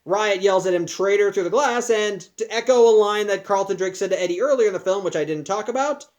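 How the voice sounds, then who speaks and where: A man's voice: high-pitched, fast. A man casually recapping a film plot, talking in a loose, chatty way with many restarts and asides. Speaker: podcast host.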